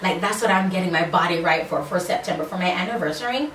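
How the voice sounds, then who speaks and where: A woman's voice: on the low side, quick pace, fairly bright tone. A woman in her thirties with a Jamaican accent, answering tag questions in a sassy, playful way on a phone video. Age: 30s. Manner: sassy, playful, breaks into little sung bits. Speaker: YouTuber. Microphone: phone camera. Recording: roomy, distant phone mic, faint ambient noise.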